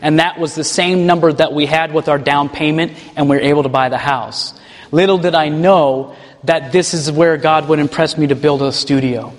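A man who leads a ministry tells a personal testimony in an animated way and chuckles as he goes. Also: a little high, normal speed, big-room sound. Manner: animated, chuckles while telling stories. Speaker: ministry leader.

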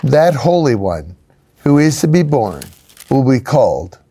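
A man with a mellow, medium-pitched voice reads scripture in a measured way. He speaks at a relaxed pace for a study group. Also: breathy edge. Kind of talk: reading scripture aloud.

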